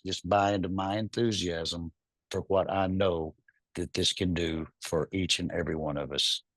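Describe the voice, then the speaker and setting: Effusive low-voiced Southern man. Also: no echo. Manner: warm, effusive, exuberant. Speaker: business leader. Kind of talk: enthusiastic webinar remarks. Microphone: video call.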